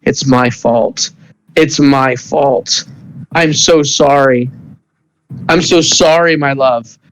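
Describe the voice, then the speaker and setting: A man voicing a grief-stricken male doctor who has lost his fiancée, speaking in a pleading, drawn-out way. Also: fairly even intonation, fairly bright tone, slight background noise, low-quality recording. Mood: remorseful. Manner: pleading, drawn-out, higher than the narrator.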